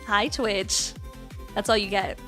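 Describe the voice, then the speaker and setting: A woman's voice: mid-range voice, fairly even intonation, slow pace, pushed and bright, soft background music. A young woman from Canada chatting on a casual livestream, giggling often and greeting her chat by name.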